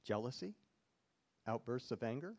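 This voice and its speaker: A man's voice: mid-range voice, lively intonation, normal speed, a little mellow. A male pastor preaching a sermon in church, reading scripture aloud and putting questions to the congregation.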